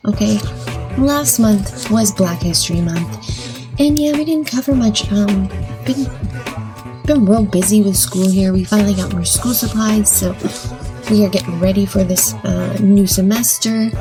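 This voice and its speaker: A chatty woman hosting a reaction vlog, taking her time and giggling between thoughts. She fills her pauses with um, and music plays clearly behind her voice. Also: mid-range voice. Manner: chatty and giggly, says um a lot. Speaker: vlog host. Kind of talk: casual reaction commentary.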